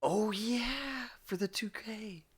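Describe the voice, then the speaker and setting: On a charity game stream, a man chats effusively and laughs a lot while working through the giveaway list. His voice is high, a bit bright and husky, and he speaks slowly.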